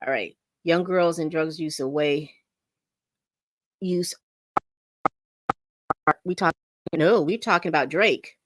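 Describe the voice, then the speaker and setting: A woman's voice: deep voice, slow pace, pauses often, no echo, studio quality. Chatty woman rambling on a livestream. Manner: chatty, rambling, reads chat aloud. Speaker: livestream host. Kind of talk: casual livestream chat.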